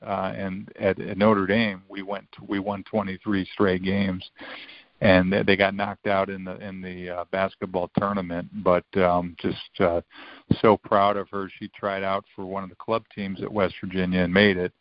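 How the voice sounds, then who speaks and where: A man in his fifties tells old stories in a loose, rambling way, doubling back and acting out quotes. His voice is low and gravelly. The recording sounds dry and a bit dull, with a lo-fi edge. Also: monotone, normal speed, no room sound. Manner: rambling, full of restarts and quoted dialogue. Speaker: podcast guest, former college football player. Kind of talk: casual storytelling.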